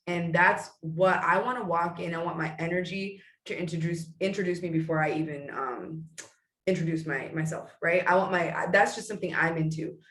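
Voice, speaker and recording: A woman in her thirties giving a casual, blunt motivational talk to her sales team, talking fast with many restarts. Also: fairly low pitch, a bit bright, echoey room, far from the mic. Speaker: direct sales team leader. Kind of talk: casual live video pep talk.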